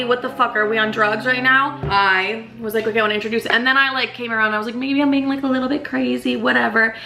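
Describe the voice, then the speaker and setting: Young american girl ranting on her vlog, swears a ton, says like constantly, bright sharp voice. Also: fairly high pitch, a little hiss or hum. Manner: swears a lot, animated, fills with "like". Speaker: vlogger. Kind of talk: casual storytime vlog.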